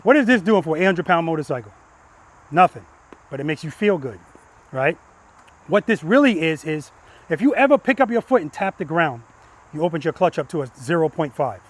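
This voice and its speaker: High-voiced man coaching a riding lesson. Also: expressive, fairly quick, pauses often. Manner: emphatic, repeats cue words in rhythm; peppers instructions with "right?". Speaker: motorcycle riding instructor. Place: outdoor practice lot with cones.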